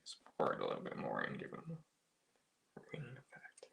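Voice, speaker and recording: A man casually reviewing a toy, talking softly with mumbled, half-whispered asides. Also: mid-range voice, huge pitch swings, normal speed, gravelly, husky.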